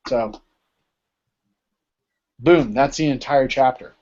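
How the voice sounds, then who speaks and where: A man's voice: mid-range voice, takes it slowly, darkish tone. A man teaching a Greek class in a casual lecture style, often checking in with "right?" as he explains. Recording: dull lo-fi recording.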